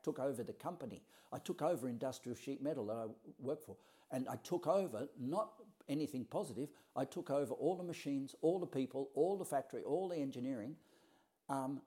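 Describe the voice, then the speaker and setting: Blunt man with a mellow voice. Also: mid-range voice. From Australia. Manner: blunt, acts out quoted dialogue, occasional swearing. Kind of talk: casual personal storytelling.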